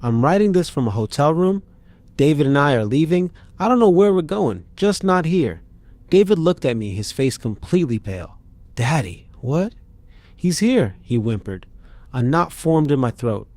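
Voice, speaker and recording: A man's voice: on the high side, animated, moderate pace, a little mellow, dry recording. A man narrating a first-person horror story in a tense, dramatic reading.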